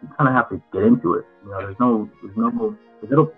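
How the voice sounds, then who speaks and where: A man's voice: on the low side, fairly quick, husky. A man, an actor as interview guest, answering frankly and reflectively, often restarting his sentences. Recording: tinny phone-like line with faint music.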